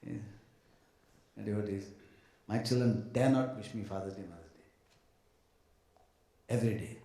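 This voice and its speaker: A man giving a devotional talk to an audience of devotees, telling anecdotes in an animated way, mimicking other people and adding joking asides. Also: on the low side, normal speed. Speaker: speaker addressing devotees. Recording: echoey hall sound.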